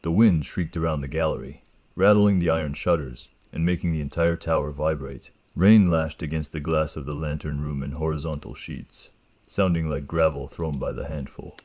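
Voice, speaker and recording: A man narrating a first-person horror story in a grave, measured way. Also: a bass voice, fairly even intonation, darkish tone, slightly rough.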